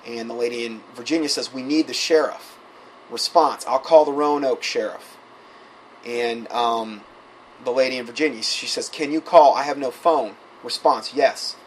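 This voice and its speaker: A man's voice: mid-range voice, moderate pace, slight background noise, rough recording. A man preaching, reading out a string of quoted messages and adding his own asides and fillers. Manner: reads quoted texts aloud with asides, many fillers. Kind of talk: sermon-style recounting.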